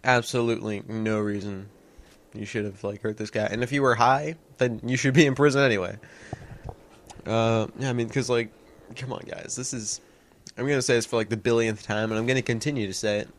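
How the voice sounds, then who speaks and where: A man's voice: mid-range voice, fairly even intonation, fairly quick, a little hiss or hum. A young man giving a casual, rambling video commentary, swearing and laughing often, with lots of fillers.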